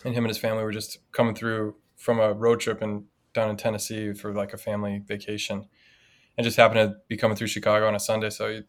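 Talking fast in a voice on the low side, a man who is a priest and podcast co-host shares a personal story in casual conversation. The storytelling feels reflective, turning animated during anecdotes.

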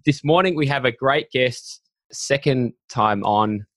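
A man's voice: mid-range voice, a little slow, a bit bright, no echo. A man co-hosting a podcast, introducing the guest in an upbeat way. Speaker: podcast co-host. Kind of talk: podcast interview.

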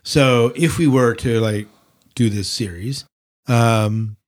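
A man's voice: medium pitch, slow. Rambling man hosting a book chat. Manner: rambling, teasing. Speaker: podcast host. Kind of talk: casual book discussion.

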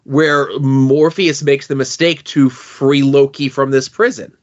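A man's voice: medium pitch, steady tone, a little slow, highs cut off. A man co-hosting a podcast, casually discussing a comic and building an argument with questions. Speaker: podcast co-host.

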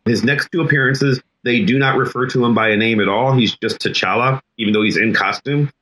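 Male co-host, teacher type, bright forceful tone, emphatic lecturer. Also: medium pitch, a little fast, poor audio. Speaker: podcast co-host. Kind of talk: casual discussion.

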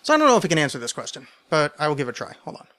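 A man talks alone on his podcast, answering listener questions. He rambles and stammers, wired from too much caffeine, and mocks himself as he goes. His voice sits a little higher than most men's. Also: wildly swooping pitch, rapid-fire, sharp tone. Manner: rambling, stammering, self-deprecating. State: overcaffeinated. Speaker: podcast host.

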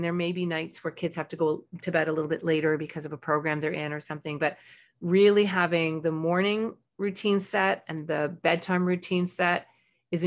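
A woman in her forties talks through parenting advice on her podcast. Her speaking voice sits a little low and is easy and conversational. When she acts out what a parent might say, her voice jumps up and brightens. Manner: warm, chatty advice with animated, high-pitched acted-out examples.

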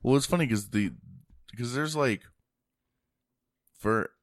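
A man, co-hosting a podcast in relaxed, rambling casual chat. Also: mid-range voice, slow pace, no echo, studio quality. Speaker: podcast co-host.

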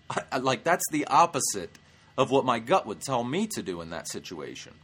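A man's voice: medium pitch, sing-song, brisk, fairly bright tone, husky. A male stand-up comedian hosting his show, telling a story in a brash, profane way. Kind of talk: comic storytelling vlog.

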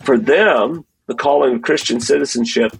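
A man who is a pastor, guest on a podcast, answering questions in a measured, thoughtful way. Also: medium pitch, a little hiss or hum, low-quality recording. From Texas. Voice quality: gravelly and husky. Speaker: pastor and denomination president, guest. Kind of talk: conversational interview answers.

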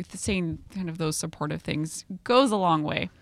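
A woman with a lowish, gravelly voice co-teaches in relaxed conversation. She sounds supportive and agreeable and often sums up her partner's points. The sound is dry and close-miked. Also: normal speed, hardly any pauses, dry recording. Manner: supportive, agreeable, adds summarizing remarks. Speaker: psychiatry educator.

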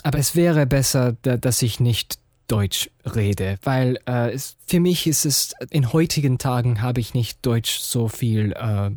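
A man's voice: medium pitch, measured pace, few pauses, a little mellow, no echo, studio quality. A man hosting a podcast, telling a meandering personal story with many restarts and fillers. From United States and Austria. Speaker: podcast host. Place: studio.

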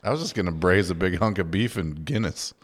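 A man's voice: sits low, expressive, fairly quick. A man co-hosting a podcast in casual chat, rambling with lots of hedging fillers. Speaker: podcast co-host.

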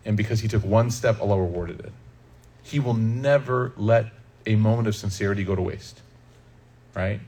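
A man from Chicago giving a conversational religious talk, lively and humorous, speaking straight to the audience. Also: fairly low pitch, moderate pace, pauses often, slightly rough. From Chicago, USA. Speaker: Islamic speaker.

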